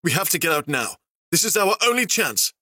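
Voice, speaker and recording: A man voicing a tough male ranger in a storybook, speaking urgently in a raised, higher voice. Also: big pitch swings, a little fast, bright, forceful tone, breathy edge, no echo, studio quality, heavily acted. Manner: urgent, pressing.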